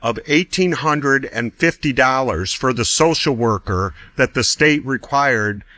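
A man's voice: medium pitch, unhurried, no room sound. A middle-aged man telling a personal story in a casual way, acting out the voices of others and chuckling often. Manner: animated, acts out quoted voices, chuckles often. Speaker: guest telling his story.

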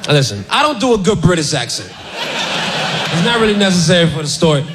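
High-voiced man telling a stand-up story. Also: a little fast, noisy background. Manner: animated, shouty, laughing through punchlines. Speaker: stand-up comedian.

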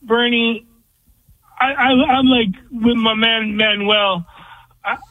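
A man's voice: very high voice, level tone, slow, no room sound. A man calling in to a sports radio show, giving blunt, ranting opinions. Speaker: caller. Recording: phone line.

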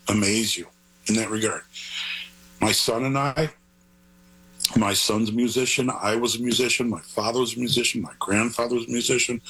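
A man's voice: on the low side, pushed and bright, husky, poor audio. An older man, a grandfather, talking as an author guest in an interview, rambling and earnest in a digressive way. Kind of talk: conversational interview.

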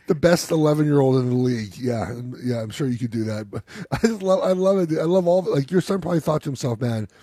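A middle-aged man chatting casually, a father and youth softball coach who acts out his son's lines as he tells a story. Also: on the high side, fast talker, hardly any pauses, breathy edge, dry recording. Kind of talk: casual chat.

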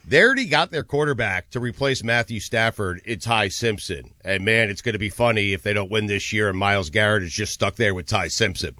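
A man hosting a sports talk show, emphatic and quick to laugh, agreeing often. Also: lowish voice, sharp tone, no room sound. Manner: emphatic, quick to laugh, peppers replies with "yes". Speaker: sports radio host.

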